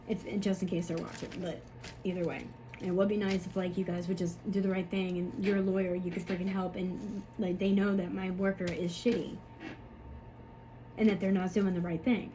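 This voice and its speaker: A woman's voice: fairly low pitch, mellow, a little hiss or hum, low-quality recording. A woman, a mother, talking to camera in a rambling, frustrated way, full of fillers and swearing. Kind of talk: emotional personal monologue.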